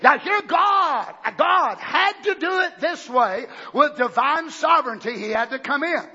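A man preaching a fiery sermon, shouting fervently and then dropping to low, quiet asides. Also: lively intonation, measured pace. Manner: shouts fervently, swings between loud bursts and low asides. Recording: dull lo-fi recording.

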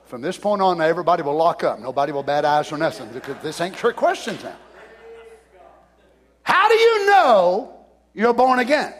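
A man in his sixties preaching a sermon, fervent, often shouting, then dropping to a hush. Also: high-pitched, very animated, normal speed. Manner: fervent, often shouting, swings between loud and hushed. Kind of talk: revival sermon.

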